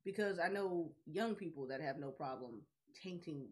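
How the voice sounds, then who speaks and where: A woman co-hosting a casual anime chat, animated and quick to laugh, acting out quotes as she talks. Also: low-pitched. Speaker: podcast co-host.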